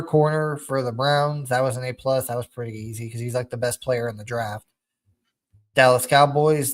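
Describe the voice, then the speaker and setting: A young man hosting a casual sports podcast, talking in an animated, rambling fan rant. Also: medium pitch. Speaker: podcast host.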